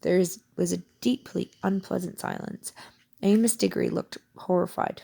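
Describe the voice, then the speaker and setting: Gravelly-voiced woman reading a novel. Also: fairly low pitch, flat delivery, normal speed, mellow. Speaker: audiobook reader.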